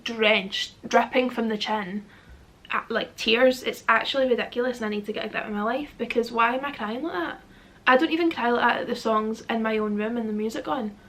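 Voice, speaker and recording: A woman's voice: a little high, sharp tone. A young Scottish woman in her twenties, chatting to camera in a rambling, self-deprecating Q&A vlog. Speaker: vlogger. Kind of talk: casual Q&A chat to camera.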